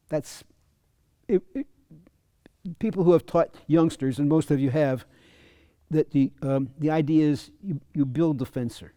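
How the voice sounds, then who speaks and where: A man coaching at a fencing clinic, talking in a halting way, restarting and repeating words. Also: on the high side, dark tone, no room sound, clean studio sound. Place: fencing center.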